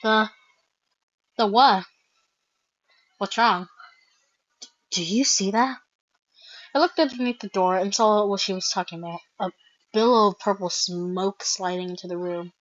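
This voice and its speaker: A woman reading a fan comic aloud and reacting, excitable and quick to squeal and laugh. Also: medium pitch, no echo. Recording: slightly dull lo-fi mic.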